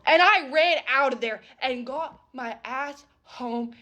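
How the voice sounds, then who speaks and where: A young woman casually retelling a wild dating story in a storytime vlog, animated and dramatic, often asking "okay?". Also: high voice, slow pace.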